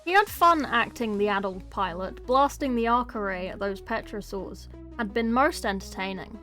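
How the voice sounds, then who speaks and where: A woman's voice: mid-range voice, moderate pace, sharp tone, soft background music. A woman casually reading a novel aloud, with playful, chatty asides. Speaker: book reader.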